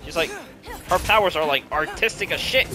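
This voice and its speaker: A man's voice: a little high, brisk. A man casually commenting as he plays a video game, joking, swearing and laughing often. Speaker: gaming streamer. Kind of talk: casual let's-play commentary. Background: game music and sound effects.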